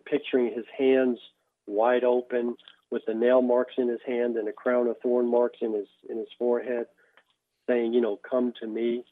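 A man, a radio show guest, telling a personal faith testimony in a halting way, often repeating words as he restarts. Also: medium pitch. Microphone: phone. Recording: tinny phone line.

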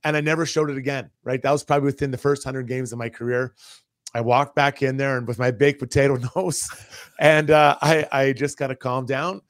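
A man's voice: medium pitch, brisk, no echo. Man telling a hockey story, dry mic. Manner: animated, acts out quotes. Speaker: co-host, former hockey player. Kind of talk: casual storytelling.

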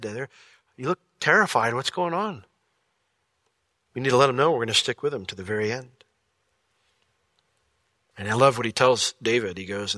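Bright-voiced man preaching a sermon. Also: mid-range voice, dry recording. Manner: lively, conversational, with jokey asides and acted-out quotes. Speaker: pastor.

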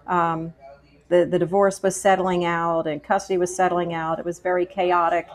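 A woman's voice: on the low side, moderate pace. Chatty middle-aged woman telling her story. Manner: chatty, animated retelling with quoted dialogue. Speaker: guest sharing her testimony. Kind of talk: conversational storytelling.

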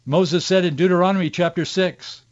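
A man's voice: high-pitched, steady tone, moderate pace, dry recording. A male radio talk host giving impassioned Christian commentary, earnest and preachy, with an emotional pull. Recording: dull, dry studio sound.

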